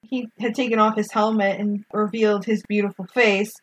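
A woman co-hosting a casual film recap, talking in an animated, gushing way and acting out characters' lines. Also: mid-range voice, brisk, husky, low-quality recording. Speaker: podcast co-host.

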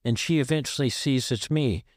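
A man's voice: medium pitch, moderate pace, no room sound. Southwest guy telling his own story in short punchy lines, mid voice, dry close sound. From American Southwest. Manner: vivid, short present-tense narration, emotionally raw. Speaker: author and guest. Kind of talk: personal storytelling in an interview.

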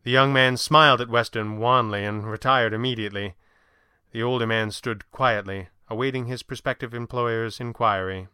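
A man reading a story aloud in a measured, even manner. His voice is bright and crisp, close and dry on the mic. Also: mid-range voice, dry recording. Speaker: narrator. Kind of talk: audiobook narration.

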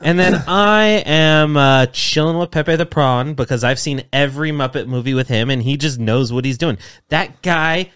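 A man on a casual comedy podcast who teases the others and breaks into squeaky impressions. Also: normal speed, few pauses, fairly bright tone, smooth. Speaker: podcast co-host.

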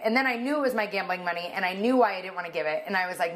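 A woman's voice: mid-range voice, racing, few pauses. Chatty woman co-hosting a podcast. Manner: chatty storyteller who acts out quotes. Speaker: podcast co-host. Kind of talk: casual chat.

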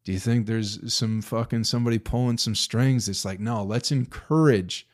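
His voice is on the low side and moves at a normal pace as this man in his thirties hosts a solo podcast. The talk is a casual, rambling rant built around a story, full of profanity, rhetorical questions and sudden bursts of emphasis.

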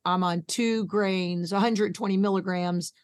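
A woman's voice: medium pitch, measured pace, dry recording. Lady in her 50s, blunt and folksy, tells her story with lots of life, dry close sound. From Arkansas, USA. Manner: animated, acts out both sides of conversations. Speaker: podcast guest, patient advocate. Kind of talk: candid storytelling interview.

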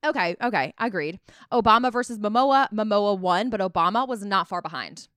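An upbeat woman with a New York accent co-hosts a casual podcast and reads out poll results between chatter. Her voice is smooth and resonant. She is recorded close and dry. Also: medium pitch, animated, a little fast, fairly bright tone, no room sound. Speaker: podcast co-host. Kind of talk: casual chat.

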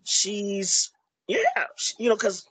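Man, filmmaker on a podcast. Husky, fairly high voice, rambling delivery. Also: fairly even intonation, takes it slowly, a bit bright, no room sound, poor audio. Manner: rambling, full of "you know" and restarts. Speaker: filmmaker discussing his movie. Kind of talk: casual chat.

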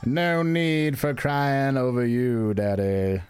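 A man doing an impression of a wrestling star, reading a sappy poem slowly and theatrically, with faint music behind. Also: medium pitch, lively intonation, a little mellow, smooth, pitched above the performer's own voice. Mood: mock-dramatic. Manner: slow, drawn-out theatrical reading.

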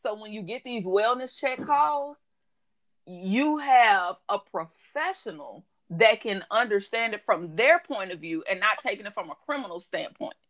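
A woman who works in mental health, telling animated stories in casual chat, laughing often and quoting people. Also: mid-range voice, a little slow.

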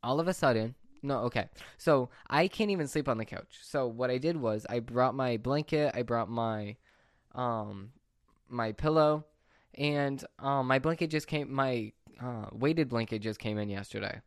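A man's voice: mid-range voice, measured pace, no echo, clean studio sound. A young man vlogging, telling a rambling story in casual chat and often correcting himself. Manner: rambling, excitable, self-correcting.

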